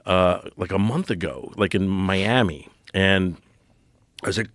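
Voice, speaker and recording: A man's voice: low voice, a little slow, no room sound, studio quality. A middle-aged man telling a story in casual podcast chat. He keeps cutting himself off and restarting, and acts out his own panic as he retells it. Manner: rambling, self-interrupting, animated retelling. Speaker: comedian guest.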